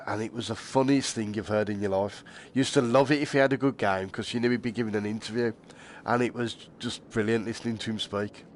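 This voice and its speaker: A man chatting casually to viewers while streaming a game, laughing often and swearing lightly. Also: medium pitch. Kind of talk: casual live-stream chat.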